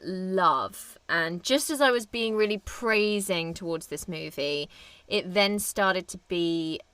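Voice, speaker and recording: A woman's voice: fairly low pitch, slow, fairly bright tone, smooth, dry recording. A young woman co-hosting a film podcast, chatting casually and enthusiastically, laughing often. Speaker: podcast co-host.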